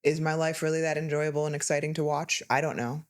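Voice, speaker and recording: A woman's voice: sits low, little pitch movement, quick pace. A woman in her thirties co-hosting a podcast, telling candid, rambling stories in casual chat. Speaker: podcast co-host.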